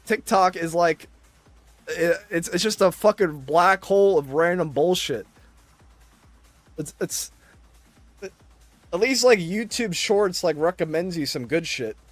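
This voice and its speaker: A man's voice: high voice, animated, unhurried, long pauses, dry recording, faint music behind. A man ranting in casual chat, exasperated and swearing constantly.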